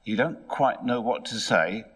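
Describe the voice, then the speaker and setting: A man's voice: lowish voice, a little slow, fairly bright tone, slightly rough. Middle-aged male preacher, storytelling sermon in church, acts out the characters. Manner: storytelling, puts on voices for characters.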